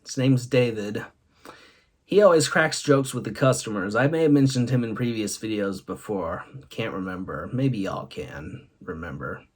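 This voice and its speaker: A man's voice: on the low side, animated, moderate pace. A man hosting a vlog, telling comic stories and laughing often between punchlines. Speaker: host. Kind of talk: comic storytelling monologue.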